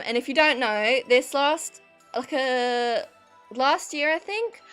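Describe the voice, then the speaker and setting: A young woman with a British accent talks through a live stream in a loose, rambling way, answering her chat as she goes. Her voice sits a little high, and quiet background music plays under her. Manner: chatty and rambling, reacting to chat with frequent laughs. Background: faint background music.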